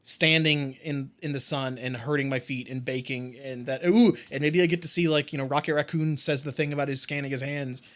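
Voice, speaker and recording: Rambling, bright-voiced young man. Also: medium pitch, fairly quick, hardly any pauses. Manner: rambling, animated, profane, many fillers. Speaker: podcast co-host. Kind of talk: casual chat.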